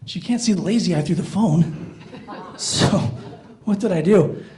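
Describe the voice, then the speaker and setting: High-voiced man doing stand-up. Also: unhurried, mellow, poor audio. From Iowa, USA. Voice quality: high, light voice. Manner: self-deprecating storytelling, jumps up in pitch for inner thoughts. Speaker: stand-up comedian. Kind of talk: stand-up comedy set. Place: small theater stage with live audience.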